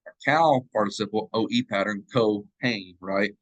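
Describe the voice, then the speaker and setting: A man's voice: on the low side, moderate pace, hardly any pauses, fairly bright tone, no echo, low-quality recording. A man teaching a church Hebrew class, drilling verb forms aloud and checking in with his students as he goes. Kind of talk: classroom grammar lecture. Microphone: live class recording.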